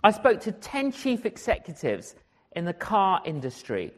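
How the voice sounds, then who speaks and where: A man preaching as an evangelist, telling stories in an animated way and acting out the conversations. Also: high-pitched, unhurried. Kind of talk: storytelling sermon.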